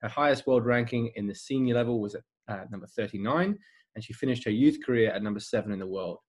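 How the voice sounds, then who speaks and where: A man's voice: medium pitch, fast, breathy edge. A man hosting a podcast interview, upbeat in manner. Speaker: podcast host.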